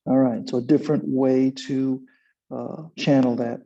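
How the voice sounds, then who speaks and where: A man teaching a kundalini yoga class, giving calm, unhurried instructions and guiding a chanted mantra with a few fillers. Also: medium pitch, gravelly. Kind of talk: guided yoga and meditation instruction. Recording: dull lo-fi sound.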